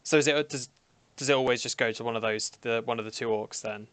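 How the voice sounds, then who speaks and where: Male player, hesitant and questioning, smooth clear voice, dry close recording. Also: mid-range voice, fairly even intonation, quick pace, fairly bright tone, no echo. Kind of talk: tabletop game play.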